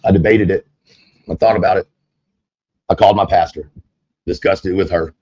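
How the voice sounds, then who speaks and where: Man, streamer, casual livestream monologue, rambling, chatty, lowish voice, dry close sound. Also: fairly even intonation, moderate pace, darkish tone, husky, no room sound, muffled recording. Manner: rambling, chatty, addresses viewers directly. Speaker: online streamer.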